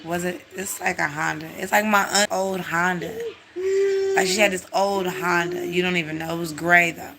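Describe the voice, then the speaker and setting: A woman telling a story in a casual, animated, profane way, building the drama as she goes. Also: on the low side, moderate pace, gravelly, background noise.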